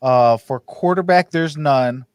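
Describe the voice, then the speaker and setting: A man hosting a casual sports podcast, talking fast with frequent restarts and laughs. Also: medium pitch, clear, resonant tone, no room sound, studio quality. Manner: stammers and restarts, laughs often. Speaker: podcast host.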